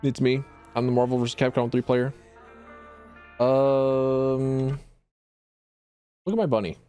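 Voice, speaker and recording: Casual male let's-play host, rambling, excitable, mid-pitched, faint music behind. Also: takes it slowly. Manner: rambling, excitable, jumps to high yelps and laughs. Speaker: game streamer.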